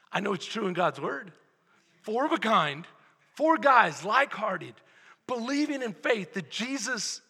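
Texan pastor guy, really high bright voice, shouting then going quiet, long hall echo. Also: gravelly, breathy edge. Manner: animated, acts out the scene in voices, swings from shouting to hushed. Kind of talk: sermon.

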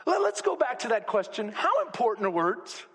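A man preaching a sermon as pastor to a congregation, swinging between loud exclamations and hushed asides. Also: high voice, sing-song, normal speed, breathy edge. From Texas. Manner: preaching with rising shouts and sudden quiet drops. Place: church sanctuary. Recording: long hall reverb.

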